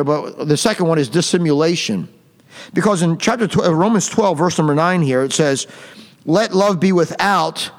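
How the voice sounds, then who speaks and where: A man leading a Bible study, reading verses slowly and stopping to define words, then pressing his points with emphatic repetition. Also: fairly high pitch, long reverb tail. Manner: slow, deliberate reading of scripture, pausing to define words; repetitive and emphatic, with rising intensity.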